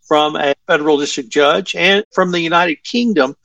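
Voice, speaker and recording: A man with a Texan accent hosting a podcast roundtable, putting measured questions to his guests. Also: a little high, creaky, bright, forceful tone, dry recording, far from the mic. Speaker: podcast host.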